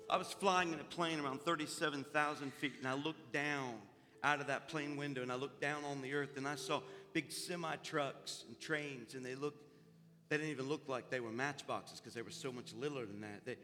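A man's voice: on the high side, fairly even intonation, moderate pace, bright, forceful tone. Fervent folksy man preaching over music. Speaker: pastor. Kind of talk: sermon. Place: church sanctuary. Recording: long reverb with music behind.

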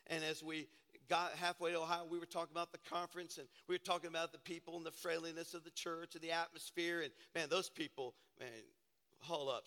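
Hoarse male pastor, sermon, gravelly, reverberant sanctuary. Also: sits high, pushed and bright. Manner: conversational, builds to emphatic preaching. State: hoarse from shouting.

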